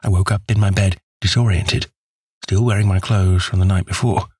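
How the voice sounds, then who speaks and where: Deep husky male audiobook narrator. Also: fairly even intonation, darkish tone, dry recording. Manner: measured, wry storytelling. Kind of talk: scripted first-person narration.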